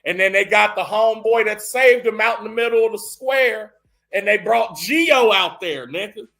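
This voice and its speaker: A man telling a profane, animated comedic recap of a film, acting out the characters' lines as he goes. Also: high voice, moderate pace, creaky.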